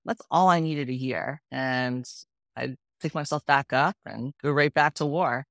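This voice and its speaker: A woman's voice: low-pitched, fairly quick, dry recording, clean studio sound. A woman startup founder telling her story in an interview, candid and emotional. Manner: frank, emotional, lively retelling.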